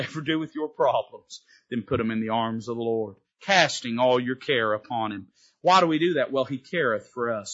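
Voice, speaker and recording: Forceful, husky-voiced preacher man. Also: highs cut off. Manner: impassioned preaching with big pitch swings. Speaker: Baptist pastor. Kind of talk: sermon from the pulpit. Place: church sanctuary.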